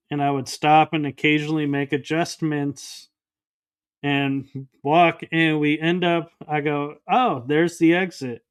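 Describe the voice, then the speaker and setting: A podcast guest with a fairly high, clear and resonant male voice recounts something that happened to him during an interview. As he tells the story, he acts out the quoted dialogue.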